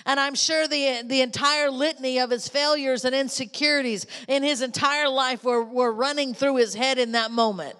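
A woman's voice: high-pitched, steady tone, normal speed, hardly any pauses, a bit bright, clean tone. A woman preaches to a congregation, driving her points home by repeating key lines. Her voice carries a long reverb from a large church hall. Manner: emphatic, repeats lines for effect. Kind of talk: sermon.

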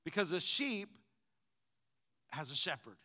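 A man preaching a sermon in call-and-response style, swinging from loud fervent bursts to quiet asides. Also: a little high, very animated, measured pace.

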